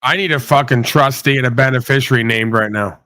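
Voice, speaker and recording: Man, livestream host, profane casual rant, sarcastic, mid-pitched voice, dry sound. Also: fairly quick, sharp tone, dry recording. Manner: blunt, sweary, sarcastic.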